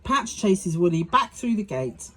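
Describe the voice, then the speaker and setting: A woman reading a children's farmyard story aloud in a slow, sing-song telling. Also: medium pitch, sing-song, heavy background noise. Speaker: storybook narrator.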